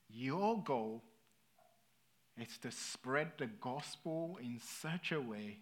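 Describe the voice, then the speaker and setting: British man, preacher, conversational sermon, checks in with listeners, mid pitch. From Britain. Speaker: pastor.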